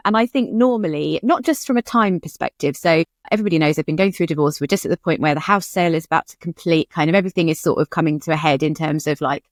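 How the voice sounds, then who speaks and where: A woman's voice: low voice, fast talker, hardly any pauses, no echo, studio quality. A woman co-hosting a writing podcast in casual chat, candid and chatty. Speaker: podcast co-host.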